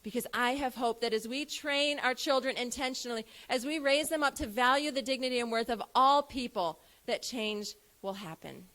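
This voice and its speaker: A woman's voice: on the high side, moderate pace, hardly any pauses, fairly bright tone. A woman in her thirties giving an earnest personal talk at an event, acting out the dialogue with her young son. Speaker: event speaker. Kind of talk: personal story told to an audience.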